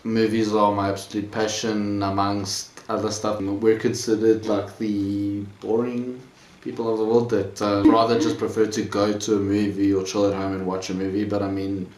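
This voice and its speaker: A man's voice: fairly low pitch, flat delivery, moderate pace, a little mellow. A young man chatting casually about movies, laid-back and rambling, with lots of "like". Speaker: movie vlogger. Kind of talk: casual chat. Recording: echoey room, faint background noise.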